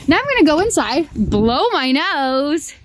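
A woman's voice: high-pitched, very animated, a little hiss or hum. A woman chatting casually to camera in a vlog, joking about herself and laughing easily. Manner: chatty, self-mocking, quick to laugh. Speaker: vlogger.

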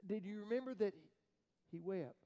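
A man with a high voice for his sex preaches a sermon as pastor. He tells the story dramatically, stumbling into repeated restarts, and his voice rises to loud cries before dropping to near-whispers. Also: moderate pace, muffled recording.

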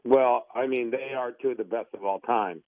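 A man taking an unexpected phone call, excitable and quick to get worked up. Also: medium pitch. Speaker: prank call target. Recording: tinny phone line.

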